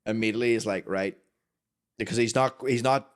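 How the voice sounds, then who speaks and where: A man's voice: medium pitch, fairly even intonation, rapid-fire. Sweary Northern Irish storyteller, man. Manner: sweary storyteller acting out quotes. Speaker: co-host. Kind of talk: casual chat.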